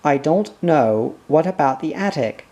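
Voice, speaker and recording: A slow-paced reader voicing a boy who is earnest, worried, and urgent in an audiobook. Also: medium pitch, lively intonation, mellow. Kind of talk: audiobook character reading.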